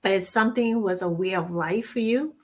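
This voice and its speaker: A woman's voice: mid-range voice, a little fast, darkish tone. A woman co-hosting a casual talk show, speaking effusively and rambling, with frequent restarts and rephrasings. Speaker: co-host.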